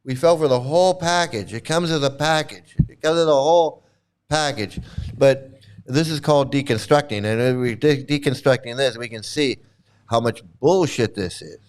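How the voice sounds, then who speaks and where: A man's voice: medium pitch, moderate pace, darkish tone, smooth. Blunt, profane man in his sixties. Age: 60s. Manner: blunt and profane, repeats phrases for emphasis. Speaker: vlogger, former cult member. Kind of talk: candid commentary monologue.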